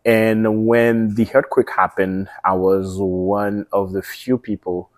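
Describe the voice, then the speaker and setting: A man's voice: on the low side, little pitch movement, slow pace, no echo, studio quality. A man with a Haitian accent, a media host telling his story in a casual interview, hesitant with many ums.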